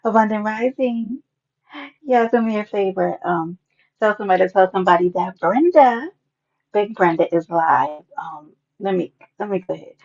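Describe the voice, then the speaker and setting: A woman hosting a casual live stream, sassy and animated, greeting viewers by name and often jumping into a high playful voice. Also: normal speed. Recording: dull lo-fi stream audio.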